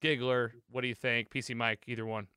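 A man hosting a casual show, recapping an episode in an excitable, chatty way with lots of fillers. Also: medium pitch, brisk, clear, resonant tone, no room sound, studio quality. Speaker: podcast host.

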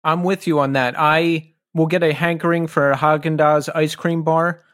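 Chatty male host, higher voice. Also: flat delivery, normal speed, a bit bright, no room sound, studio quality. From New York City. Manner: friendly, chatty questioner. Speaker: podcast host. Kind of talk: casual interview chat.

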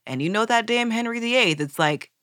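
A podcast co-host, this woman has a bright tone with lively pitch and talks fairly quickly in a clean studio recording with no room sound. Her casual chat is animated and profane, with stories full of acted-out quotes.

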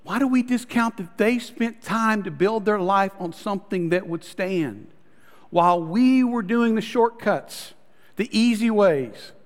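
A male pastor preaching a story-driven sermon, calling the congregation "guys" and dropping to soft, intimate tones. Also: high voice, animated, a little slow, in a large hall.

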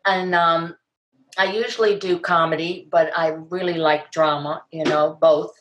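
A woman's voice: low voice, fairly even intonation, unhurried, a bit bright. An older woman, an actress, chatting in an interview and telling stories animatedly, acting out quoted lines with big jumps in her voice. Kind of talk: casual interview chat. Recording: echoey room.

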